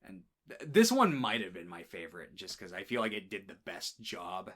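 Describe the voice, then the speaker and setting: Man, podcast co-host, lively pitch, loose swearing film chat, acts out scenes. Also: moderate pace. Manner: animated, swearing, retells scenes in quoted voices. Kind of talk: casual film discussion.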